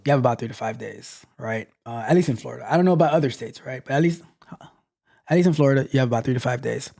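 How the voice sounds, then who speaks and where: A man hosting a live tech question-and-answer show, giving advice in a lively, mock-scolding way and often repeating phrases. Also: mid-range voice, fast, gravelly. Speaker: host.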